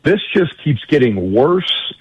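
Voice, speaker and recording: A man's voice: on the high side, very animated, slow pace, husky, no echo, lo-fi sound. A man giving a combative radio interview as a guest, blunt and emphatic, hammering his points through repetition. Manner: blunt, emphatic, repeats phrases for force. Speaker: guest legal commentator.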